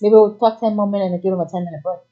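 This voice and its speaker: A middle-aged woman hosting a live craft-supply demo, explaining products in quick, chatty bursts with fillers. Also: medium pitch, steady tone, dark tone, muffled recording. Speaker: craft shop host.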